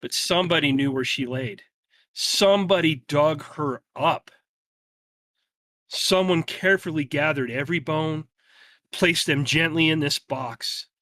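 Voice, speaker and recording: A man narrating a tabletop game as game master, telling the scene slowly and dramatically. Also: on the high side, bright, forceful tone, dry recording, clean studio sound. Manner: slow, dramatic storytelling.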